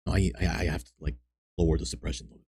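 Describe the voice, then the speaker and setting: A man streaming, chatting softly and bluntly with viewers on a close microphone, teasing and swearing. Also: sits low, flat delivery, very fast, gravelly, slightly rough, dry recording. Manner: blunt, profane, teasing chat. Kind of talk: soft-spoken ASMR stream chat. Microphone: close desk microphone.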